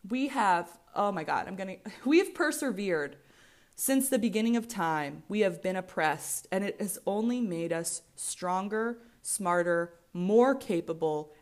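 A woman's voice: mid-range voice, lively intonation, measured pace, a little mellow. Candid young American woman podcasting solo. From United States. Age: 20s. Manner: candid, rambling, swears freely, with frequent restarts. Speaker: podcast host.

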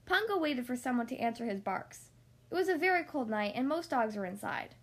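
A woman reading a children's storybook aloud in a gentle, expressive manner. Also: on the high side, brisk.

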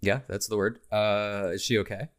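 A man's voice: fairly low pitch, flat delivery, normal speed. A man co-hosting a casual sports podcast, joking around and making his game picks. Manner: jokey, makes game picks, briefly tries silly accents. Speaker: podcast co-host.

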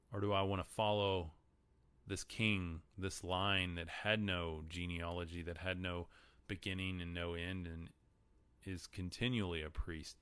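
A man's voice: low voice, fairly bright tone, smooth, no room sound. A man with a Texan accent hosting a live stream, chatting casually about the Bible and answering viewer comments. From Texas. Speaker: podcast host.

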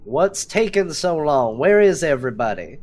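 Calm captive adventurer, slow and mild, a man in his own voice at the table. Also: medium pitch, close to an everyday voice. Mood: calling out. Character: calm male adventurer stalling his captors.

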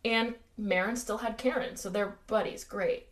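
A woman's voice: a little high, steady tone, normal speed. An American woman co-hosting a true-crime podcast in casual chat, with dry sarcastic asides. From United States. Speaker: podcast co-host.

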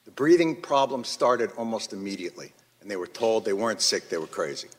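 Testifying angrily before Congress, this man delivers prepared remarks with passion and emphasis in a brisk, animated, lowish voice. The large chamber gives the recording a long reverb.

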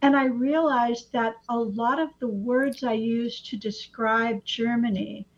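A woman who teaches astrology, chatting in an animated way and often acting out little quotes. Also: fairly high pitch, measured pace. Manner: animated, slips into acted-out quotes. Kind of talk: casual conversation. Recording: dull lo-fi sound.

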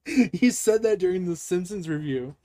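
A young man chats loosely on a podcast, swearing, joking and breaking into laughter. His voice sits a little high and the sound is dry and close. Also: lively intonation, normal speed, mellow, dry recording. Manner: crude, joking, laughs often. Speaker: podcast co-host. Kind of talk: casual review chat.

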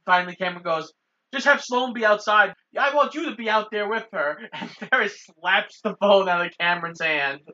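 Man, podcast co-host, sharp bright voice, plot narration with quoted lines; dull lo-fi recording. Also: high-pitched, moderate pace. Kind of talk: casual chat narrating movie plot.

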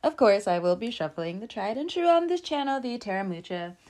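A woman's voice: mid-range voice, big pitch swings, a little fast, a little mellow. A woman hosting a casual tarot reading from a room above her garage, chatty and rambling, laughing often between asides. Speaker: tarot reader and channel host.

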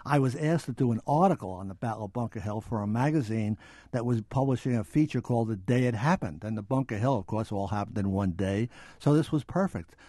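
A man's voice: mid-range voice, fairly quick, mellow, no echo, clean studio sound. An older man, an author and historian, reading from his book and then answering interview questions with many small restarts.

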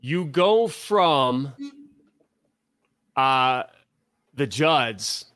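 A man's voice: medium pitch, expressive, extremely slow, fairly bright tone, no room sound. Rambling storytelling man, dry sound. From Tennessee and Ohio. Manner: rambling, storytelling, self-interrupting. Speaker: podcast co-host. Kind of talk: casual sports chat.

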